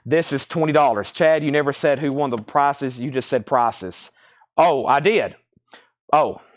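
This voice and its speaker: A man hosting a live record sale stream, briskly calling out titles and prices, slightly out of breath. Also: medium pitch, no echo, clean studio sound. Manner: brisk auctioneer-style patter, calling out prices.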